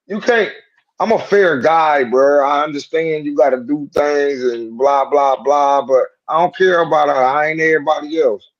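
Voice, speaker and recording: A man co-hosting a sports call-in show, talking in a loose, slangy, animated way and riffing on jokes. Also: a little high, moderate pace, highs cut off. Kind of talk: casual sports talk.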